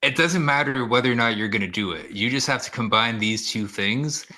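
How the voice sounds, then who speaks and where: A man's voice: medium pitch, fairly quick, pushed and bright. A man in casual chat, giving joking instructions with mock seriousness.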